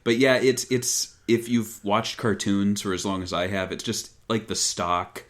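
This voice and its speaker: A man hosting a casual podcast conversation, easygoing and playful, fond of imitating voices. His voice is low. The talk loosely wanders. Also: unhurried. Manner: relaxed, jokey, tries out voices. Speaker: podcast host.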